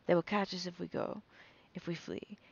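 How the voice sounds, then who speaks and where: A protective mother dragon barking urgent orders in a low, gravelly voice, voiced by a woman reading aloud. The sound is dull and lo-fi. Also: steady tone, normal speed. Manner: urgent commanding. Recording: dull lo-fi recording.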